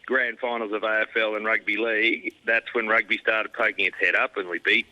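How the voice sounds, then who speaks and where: A man's voice: fairly low pitch, flat delivery, fairly quick, bright, forceful tone, dull audio. A middle-aged Australian man chatting as a guest rugby pundit in a laid-back, self-deprecating way, dropping "mate" constantly. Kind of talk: casual banter interview.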